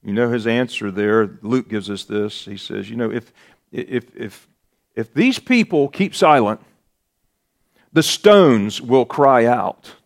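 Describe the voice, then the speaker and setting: A man preaching a sermon as pastor, slow and deliberate, rising to emphatic peaks on key words. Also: fairly low pitch, animated, gravelly.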